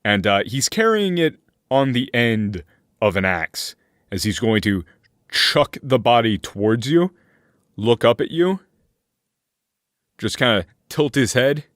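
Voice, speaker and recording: A man running a tabletop game as game master, narrating slowly with fillers and restarts. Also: medium pitch, big pitch swings, a bit bright, no room sound, studio quality. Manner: slow, hesitant narration with many fillers.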